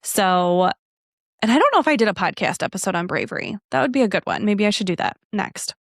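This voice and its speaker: A woman hosting a casual solo podcast, telling a story in a chatty, animated way and acting out the dialogue. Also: medium pitch, brisk, dry recording, studio quality. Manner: animated, acts out quoted dialogue; chatty with frequent fillers and asides. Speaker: podcast host.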